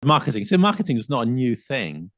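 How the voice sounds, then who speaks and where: A man's voice: mid-range voice, very animated, quick pace, fairly bright tone, no echo, studio quality. A man co-hosting a podcast, playful and talkative, who likes to exaggerate for fun. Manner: playful, jumps into put-on accents. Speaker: podcast co-host. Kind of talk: casual chat.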